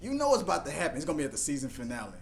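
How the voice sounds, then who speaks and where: A young man hosting a live TV reaction, rambling and joking excitedly as he talks over the episode. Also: very fast, gravelly. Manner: excitable, rambling, jumps into high put-on voices for jokes. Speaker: reaction video host.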